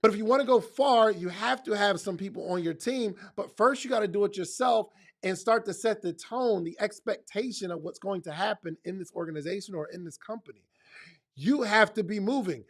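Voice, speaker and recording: A man gives a motivational talk in a high, gravelly voice. He speaks straight to his listeners in casual slang and leans on repeated phrases to drive each point home. His delivery is emphatic and direct.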